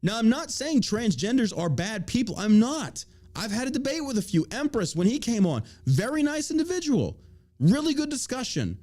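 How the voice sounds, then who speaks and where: A man's voice: extremely high pitch, big pitch swings, moderate pace, darkish tone. A man hosting an opinion podcast, ranting with heavy profanity and mocking imitations of the people he criticizes. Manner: mocking put-on quotes. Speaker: podcast host.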